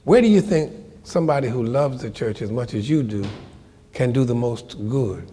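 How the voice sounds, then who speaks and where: An older man telling a story from his life to a live audience, animated and colloquial, acting out the voices of the people in it. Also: medium pitch, moderate pace, long reverb tail, a little hiss or hum. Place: lecture hall before an audience.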